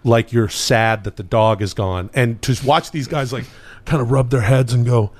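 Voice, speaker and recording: A comedian telling a story in loose podcast chat, swearing freely and acting out everyone he quotes. His voice sits at a middling pitch for a man. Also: moderate pace. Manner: profane, animated, acts out quoted voices.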